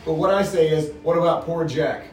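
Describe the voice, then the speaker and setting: Man voicing a self-righteous grumbling ghost, a bit high, recorded from across an echoey room. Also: brisk, darkish tone, soft background music, close to an everyday voice. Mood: indignant. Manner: indignant, emphatic reading aloud. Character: blustering resentful male ghost, self-righteous. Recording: roomy, distant mic.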